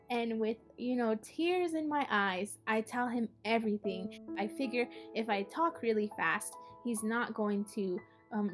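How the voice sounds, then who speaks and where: Higher-voiced woman telling a story. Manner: casual, with many fillers like "like" and "you know". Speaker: art project host and storyteller. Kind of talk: personal storytelling.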